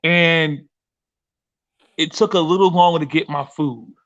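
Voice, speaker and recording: A man hosting a podcast, telling a story in a profane, animated way with many restarts. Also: a little high, fairly quick, dry recording, lo-fi sound. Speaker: podcast host and performer. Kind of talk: casual chat, storytelling.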